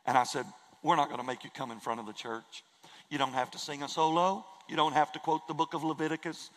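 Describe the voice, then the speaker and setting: A man's voice: fairly high pitch, steady tone, quick pace, fairly bright tone, in a large hall, low-quality recording. A man preaching a sermon in a church, earnest and emphatic, repeating key phrases for weight. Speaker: pastor. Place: church sanctuary.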